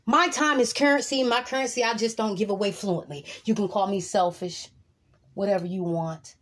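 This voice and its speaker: A woman talking to camera in a fiery, preachy vlog monologue. Her voice has a husky edge, and she hammers her points by repeating them, with plenty of swearing. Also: medium pitch, normal speed. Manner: emphatic, preachy, profane; repeats lines for emphasis. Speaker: vlogger.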